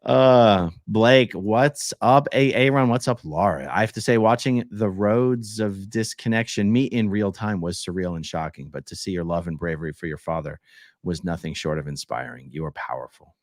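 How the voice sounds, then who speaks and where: A man's voice: fairly low pitch, moderate pace, no echo, clean studio sound. A man hosting a livestream, reading viewer comments aloud in a laid-back way, and chatting with his guest. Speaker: livestream host reading chat. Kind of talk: casual livestream chat.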